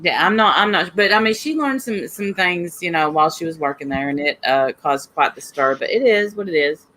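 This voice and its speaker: Hesitant adult speaker, middle pitch. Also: lively intonation, fairly quick, sharp tone. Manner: hesitant, trailing off. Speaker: chat participant. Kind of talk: casual chat.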